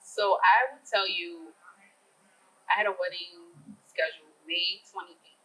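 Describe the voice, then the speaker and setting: A middle-aged woman, an event planner, telling a story in a chatty, animated way during a casual interview. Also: on the low side, a little slow, low-quality recording. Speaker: event planner, business owner.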